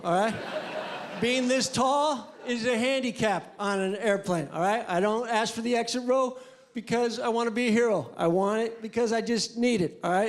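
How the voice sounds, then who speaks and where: A male stand-up comedian doing a crude, deadpan, rambling set on a club stage into a handheld mic. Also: high-pitched. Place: comedy club stage before a live audience. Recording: live club with loud crowd noise.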